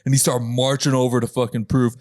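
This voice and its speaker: Fast-talking man telling rowdy stories. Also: mid-range voice, no room sound. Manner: profane, laughing, animated retelling with quoted voices. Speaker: podcast host telling stories. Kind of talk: casual chat, storytelling.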